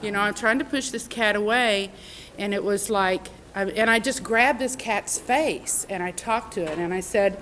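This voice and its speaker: A middle-aged woman speaks to a convention audience at an ordinary pitch. She shares her own story in a heartfelt, conversational way, full of "um"s and restarts. Faint room noise sits behind her voice. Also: normal speed, fairly bright tone, rough recording. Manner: heartfelt and conversational, with many fillers. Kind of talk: personal recovery testimony.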